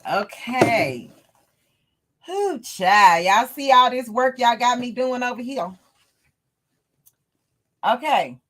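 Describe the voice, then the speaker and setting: Slow-talking chatty woman sewing host. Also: fairly high pitch, lively intonation, a bit bright. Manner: chatty, talks to her live chat, laughs often. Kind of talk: casual livestream sewing lesson.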